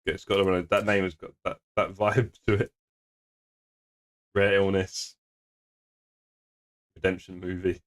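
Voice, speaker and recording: A man's voice: sits low, flat delivery, measured pace, long pauses. A man, streaming sim racing and bantering casually with his live chat, joking and laughing often. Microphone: desk streaming microphone.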